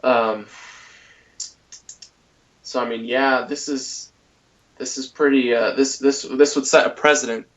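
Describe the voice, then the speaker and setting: A podcast co-host on a casual talk show reads a news story aloud, his delivery loose and halting with many fillers and restarts. His mid-range voice has fairly even intonation and a fairly bright tone, picked up by a distant mic.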